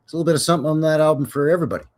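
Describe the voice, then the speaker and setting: A man's voice: a little high, steady tone, rapid-fire, a little mellow. A man hosting a casual live stream, chatting in a folksy, rambling way with jokes and cowboy slang.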